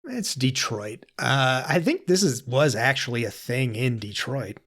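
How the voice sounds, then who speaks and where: A man's voice: medium pitch, expressive, unhurried, fairly bright tone. A man hosting a podcast, casually recapping a film's plot with fillers and self-corrections. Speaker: podcast host.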